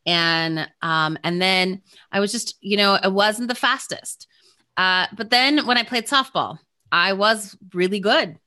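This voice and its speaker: Podcast host lady, bright clear voice, upbeat chatty. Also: medium pitch, unhurried. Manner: upbeat, shares own stories. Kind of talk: conversational interview.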